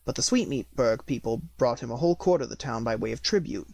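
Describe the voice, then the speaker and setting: A man's voice: mid-range voice, lively intonation, quick pace, creaky, a little mellow, dry recording. A man reading an audiobook, voicing a courtly young nutcracker prince who speaks formally and earnestly.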